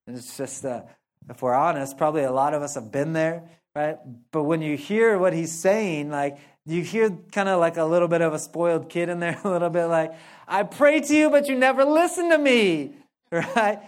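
Pastor, male, slightly high voice, relaxed sermon, jokey and animated, laughs between lines. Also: normal speed. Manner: playful and animated, laughing often, slangy asides. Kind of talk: casual, conversational sermon.

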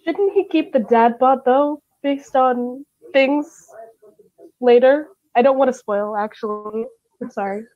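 A woman's voice: high-pitched, measured pace, no echo, narrow, tinny audio. A woman chatting with friends, hesitant and apologetic. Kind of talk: casual group chat.

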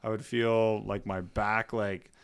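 A man with a low, smooth, resonant voice talks casually on a podcast. He rambles in a relaxed way, circling back on his thoughts. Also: slow pace. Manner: relaxed, rambling, many "like" fillers. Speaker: podcast co-host, former volleyball player and coach. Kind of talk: casual chat.

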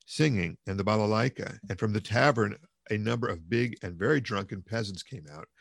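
Gravelly, husky male audiobook narrator. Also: fairly low pitch, no echo, studio quality. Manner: measured, expressive reading. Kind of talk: audiobook reading of a classic novel.

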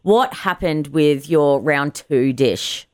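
A bubbly woman co-hosting a breakfast radio show, gushing and upbeat as she chats. Her voice is smooth and clear, recorded close and dry in the studio with no room sound at all. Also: low voice, slow, dry recording. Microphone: studio mic.

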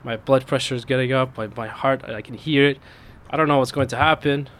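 A man telling a funny personal story in a casual chat, breaking into laughter as it builds. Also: a little fast. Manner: laughs through the punchline, voice climbs high with excitement.

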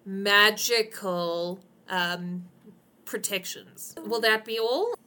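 A stiff, haughty butler played by a woman talks in formal, clipped sentences with open disdain. The voice is bright and forceful, and the delivery is measured in a tabletop game. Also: medium pitch.

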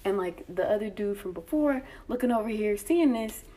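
A young woman telling a story in a casual, profane chat, blunt and animated, acting out the exchanges with lots of fillers. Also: mid-range voice, normal speed.

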